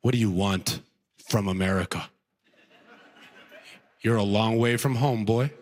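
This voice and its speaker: A man voicing a gruff, hostile American airport security agent who interrogates travelers in a deep, menacing tone. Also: measured pace, close to an everyday voice.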